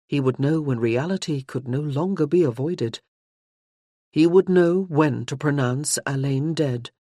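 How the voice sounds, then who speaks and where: An audiobook narrator reading a novel in a measured, even storytelling manner. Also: medium pitch, dry recording, studio quality. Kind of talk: scripted narration.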